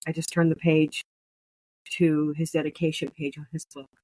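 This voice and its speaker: Woman podcaster reading a book out loud, earnest and kinda emotional, dry sound. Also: sits low, flat delivery, normal speed, dry recording, poor audio. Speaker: podcast host. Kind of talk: reading aloud and casual commentary.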